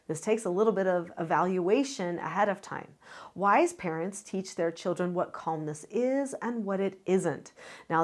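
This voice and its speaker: An older woman who teaches parenting, speaking straight to viewers in an earnest, demonstrative way. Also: medium pitch. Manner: earnest, demonstrative, acts out voices as examples. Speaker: parenting educator. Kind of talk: direct-to-camera teaching.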